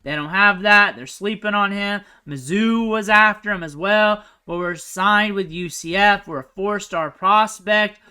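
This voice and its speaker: A young man giving casual, chatty commentary over football highlight film, thinking aloud and trailing off quietly at the ends of his sentences. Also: unhurried, hardly any pauses, clear, resonant tone. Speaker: recruiting analyst host.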